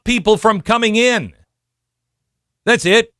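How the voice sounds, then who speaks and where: A man's voice: high-pitched, slow pace, fairly bright tone, no room sound, clean studio sound. A man hosting a podcast, giving opinionated commentary and hammering his points with repeated phrases. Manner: emphatic, repeats phrases for punch. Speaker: podcast host.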